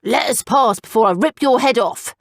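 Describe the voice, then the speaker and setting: A woman's voice: mid-range voice, animated, a little slow, vocal fry, no room sound, clean studio sound. A woman voicing a brash, greedy young male griffin who whines and blusters, in a storybook audiobook. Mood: bold. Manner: whiny and blustering.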